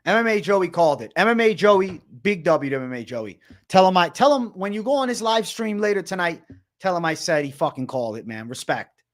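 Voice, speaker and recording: A young man hosting a livestream, talking excitedly and repeating himself, swearing often and calling his viewers bro. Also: high voice, fairly quick. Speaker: livestream host. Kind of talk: livestream commentary.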